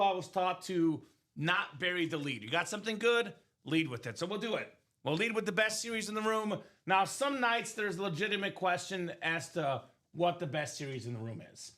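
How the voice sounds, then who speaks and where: A man hosting a live sports memorabilia break stream from a studio break room, talking in upbeat, energetic sales banter with quick asides. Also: sits high.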